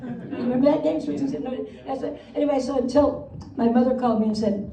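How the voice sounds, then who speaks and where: High-voiced woman in her seventies doing stand-up. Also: quick pace, mellow. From Wisconsin, USA. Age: 70s. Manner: self-mocking, punchy delivery with frequent laughs. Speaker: stand-up comedian. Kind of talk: stand-up comedy set. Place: comedy club stage with live audience. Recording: roomy club sound from a distance, crowd audible.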